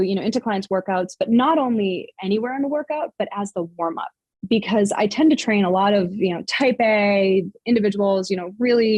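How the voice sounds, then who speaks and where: Husky-voiced woman fitness coach. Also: medium pitch, a little mellow, dry recording. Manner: earnest, explanatory, many fillers and restarts. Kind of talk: podcast interview guest.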